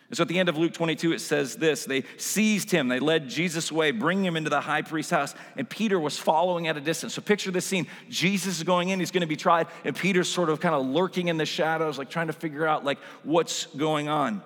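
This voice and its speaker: A man's voice: fairly high pitch, brisk, few pauses, a bit bright, in a large hall. A man preaching a sermon in a casual, conversational way, full of asides and "like"s. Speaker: pastor.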